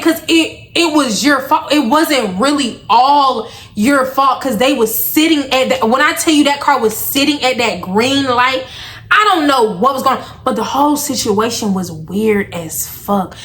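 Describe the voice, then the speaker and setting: A young adult woman vlogger casually retelling a story, animated and slangy, acting out the lines of the people in it. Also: high-pitched, measured pace.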